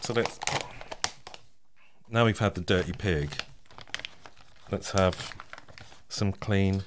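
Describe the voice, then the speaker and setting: A man's voice: low-pitched, slow pace, noisy background. A man co-hosting a casual podcast, chatty and laughing often as he introduces snacks and a guest. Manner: chatty, laughs often, reads show plugs. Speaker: podcast co-host.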